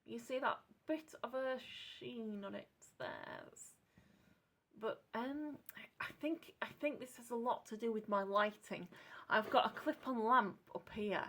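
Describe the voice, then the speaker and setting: A woman with a British accent chatting at her home craft desk while she tests paints. She rambles, corrects herself and drops into soft asides. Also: on the high side, measured pace. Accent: British English. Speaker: craft channel host testing paints. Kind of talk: casual craft demonstration chat. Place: home craft desk lit by a clip-on lamp.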